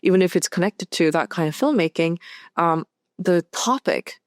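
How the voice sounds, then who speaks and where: A woman film director speaking as a guest in a casual interview, thinking aloud in a halting way with many restarts. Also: fairly low pitch, animated, dry recording, clean studio sound. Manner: thoughtful, halting, full of "like" and restarts.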